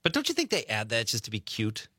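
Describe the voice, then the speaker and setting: Casual Wisconsin radio host, bright voice on a dry close mic, chatty with listeners. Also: male voice, lowish voice, huge pitch swings, fast talker, no room sound. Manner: chatty, reads listener messages aloud. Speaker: radio talk show host. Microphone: studio mic.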